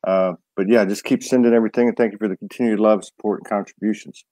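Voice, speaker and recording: A man hosting a live online show, loose and a bit halting, greeting viewers by name before bringing on his guest. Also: lowish voice, steady tone, warm tone, no echo. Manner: loose, stumbling, reads out names. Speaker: host.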